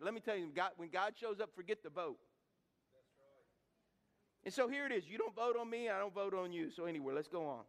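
A middle-aged man, preaching a folksy, emphatic sermon. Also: sits high. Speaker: pastor.

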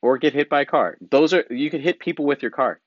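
A man performing a rambling comic monologue, full of fillers and animated asides. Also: a little high, fast talker, dry recording, muffled recording. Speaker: comedian.

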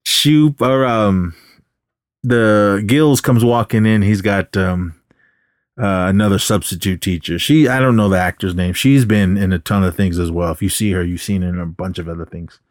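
A man hosts a podcast and rambles through a movie recap, dropping into character lines as he goes. His voice sits low. The sound is dry and close with no room around it. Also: normal speed, dry recording. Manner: rambling retelling with acted quotes. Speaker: podcast host. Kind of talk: casual film recap.

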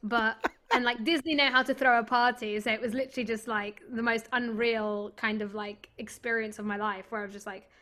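Young woman, stage actress guest; lively, chatty storyteller with a slightly high voice. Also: a little fast, few pauses. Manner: animated, chatty, full of "like" and "literally". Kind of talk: casual storytelling in an interview.

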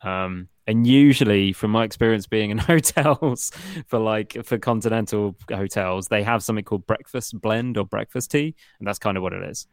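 Gravelly British man chatting easily. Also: fairly low pitch, dry recording, clean studio sound. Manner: easygoing, rambling, quick to laugh. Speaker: podcast co-host. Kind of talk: casual podcast chat.

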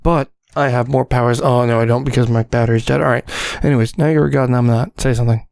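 A man's voice: mid-range voice, steady tone, fast talker, vocal fry, a little mellow, no echo. A man hosting a podcast in casual joking chat, goofy, bossy and mock-grandiose. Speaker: podcast host. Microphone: dynamic mic.

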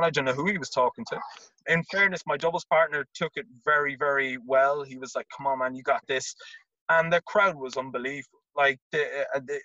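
Irish man, bright forceful voice, animated storyteller, repeats words, dry muffled sound. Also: mid-range voice, no room sound. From Ireland. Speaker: guest, former college tennis player. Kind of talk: casual storytelling interview.

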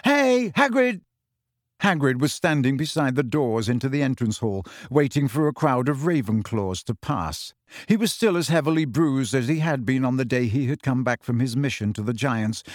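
A man narrating an audiobook with a steady, expressive reading. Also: medium pitch, moderate pace, dry recording, studio quality. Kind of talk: scripted narration.

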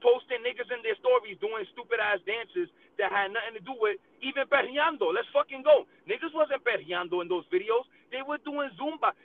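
A man's voice: very high voice, brisk, few pauses. A man hosting a casual talk show, ranting in a heated, profane and emphatic way and mixing in Spanish phrases. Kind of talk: casual opinion rant. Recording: tinny phone-like audio.

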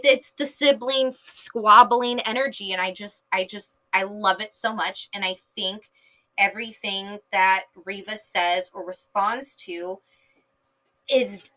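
A woman's voice: medium pitch, pushed and bright, low-quality recording. Tired, rambling woman podcast host. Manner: rambling, filler-heavy, enthusiastic fan talk. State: tired, late at night. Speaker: podcast host reviewing a TV episode. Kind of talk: casual chat.

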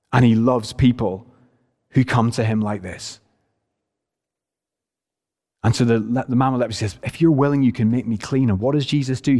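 A man's voice: medium pitch, a little mellow. Earnest male preacher in a reverberant hall. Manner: earnest, emphatic, varies pace for stress. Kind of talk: sermon.

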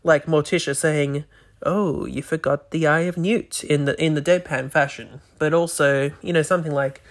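A man hosting a podcast, chatting casually in a rambling, hesitant way with many restarts. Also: on the high side. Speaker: podcast host. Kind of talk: casual chat.

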